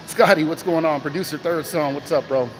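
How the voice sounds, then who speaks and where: With his phone in hand, a man whose voice sits a little high hosts a casual crypto stream, lively and engaged with his chat. He names viewers and asks rhetorical questions; jangling keys and a little hiss or hum are audible.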